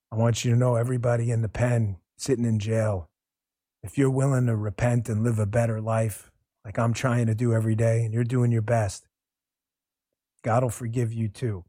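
Male show host, mid-pitched, impassioned and blunt, swears freely, dry close-miked sound. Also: dark tone, no room sound. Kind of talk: monologue on a talk show.

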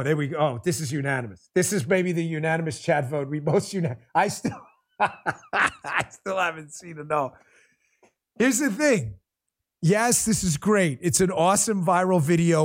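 A man with a New York accent hosts a political talk show and reacts to his live chat. His voice is high for a man, and he talks in an animated, chatty way, repeating himself and laughing easily. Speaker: show host.

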